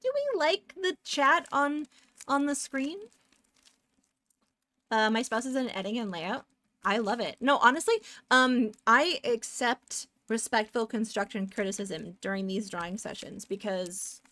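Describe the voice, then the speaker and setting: A woman's voice: a little high, unhurried, a bit bright. A woman streaming live while she draws pixel art, chatting casually, rambling off on tangents and answering her chat.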